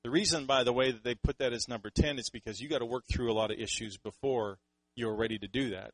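A Canadian man delivers a sermon in a casual, animated way, slipping into little acted quotes of how people talk. His voice sits at an ordinary middle pitch, recorded close and dry with no room sound. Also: quick pace, no echo, poor audio. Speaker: pastor.

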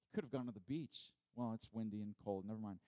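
A man's voice: fairly low pitch, fast talker, warm tone, dry recording. A male pastor preaching a sermon in a conversational way, asking his congregation many rhetorical questions.

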